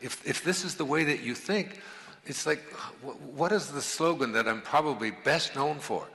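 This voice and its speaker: A man giving a motivational talk, telling personal stories in an animated way, acting out the voices he quotes, with many restarts. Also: fairly high pitch, normal speed, gravelly, breathy edge. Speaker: motivational speaker.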